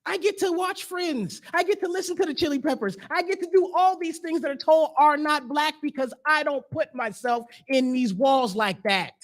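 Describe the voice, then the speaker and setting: High-voiced man performing spoken word. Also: normal speed, few pauses. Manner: rhythmic, emphatic, conversational slang. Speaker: guest speaker. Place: church sanctuary.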